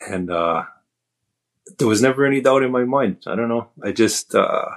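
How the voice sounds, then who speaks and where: A middle-aged man from Canada, a podcast guest, telling stories in a relaxed, self-deprecating way with many fillers. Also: medium pitch, moderate pace. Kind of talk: casual storytelling.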